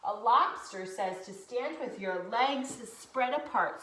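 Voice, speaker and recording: Woman, preschool teacher, lively sing-song voice, unhurried, echoey room. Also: fairly high pitch. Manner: animated, encouraging, sing-song. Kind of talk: children's movement lesson.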